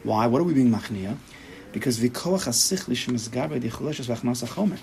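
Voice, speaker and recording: A man teaching a Torah class as a rabbi, speaking emphatically and acting out inner voices in quick quoted asides. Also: mid-range voice, expressive, creaky, a little mellow, rough recording.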